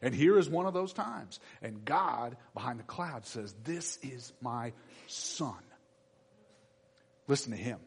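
A man preaching a sermon to his church, animated and acting out the voices of everyday people. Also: mid-range voice, takes it slowly, gravelly, a little hiss or hum. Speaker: pastor. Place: church sanctuary. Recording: long reverb in a church hall.

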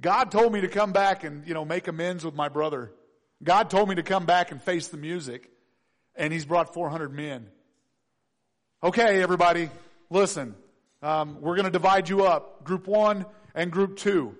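A preacher playing an anxious younger brother who schemes his way out of trouble and now frets aloud about facing the past. The voice sits high for a man and comes out as nervous, pleading self-talk, told as part of a sermon. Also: moderate pace, close to an everyday voice. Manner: nervous, pleading, talking to himself. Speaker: pastor.

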